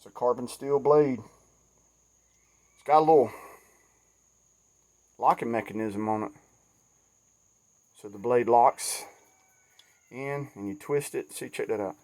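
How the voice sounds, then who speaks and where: A middle-aged Southern man rambling in a folksy, good-humored way at a mid-range pitch, still sweaty and shaky after working outdoors. Crickets and insects chirp behind him in the woods. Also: slow, long pauses, darkish tone. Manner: folksy, chatty, self-deprecating. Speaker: outdoors vlogger. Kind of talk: casual outdoor vlog.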